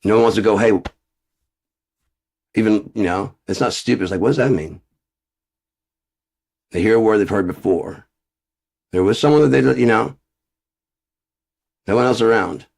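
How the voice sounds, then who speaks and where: Deep-voiced man in a swearing rant. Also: normal speed, vocal fry, pauses often, a little mellow. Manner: heavy swearing, muttering asides. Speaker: vlogger. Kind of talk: profane ranting monologue.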